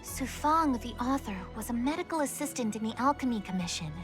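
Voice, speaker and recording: A woman's voice: on the high side, animated, brisk, natural voice. An actress playing a composed, polite female official in a video game, explaining matters formally. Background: game music.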